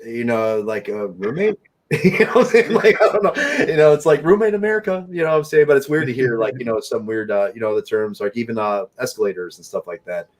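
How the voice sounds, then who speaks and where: A man's voice: medium pitch, animated, a little fast, a little hiss or hum. A man hosting a podcast in casual chat, laid-back and profane, laughing often and filling with "you know". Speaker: podcast host.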